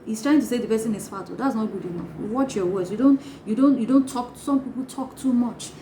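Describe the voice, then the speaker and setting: A woman's voice: a little high, brisk, hardly any pauses. A woman giving a motivational talk, acting out little scenes of gossip as she teaches. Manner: animated, acts out gossip in asides. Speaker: life coach. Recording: echoey room, faint noise.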